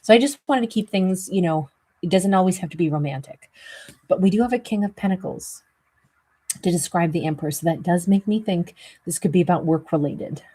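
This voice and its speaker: Wheezy, husky woman giving a rambling tarot reading. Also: on the low side, fairly quick, dark tone. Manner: rambling, heavy with fillers. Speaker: tarot reader.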